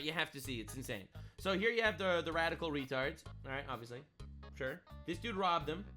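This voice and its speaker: A man's voice: on the high side, pushed and bright. A man giving casual reaction commentary, sarcastic and indignant, often repeating his phrases. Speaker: online commentator.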